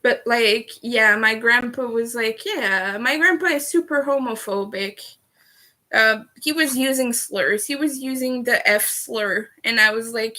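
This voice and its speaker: A woman's voice: on the high side, moderate pace, pushed and bright. A young woman chatting candidly on a livestream, heated at times and swearing freely. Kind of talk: casual livestream chat.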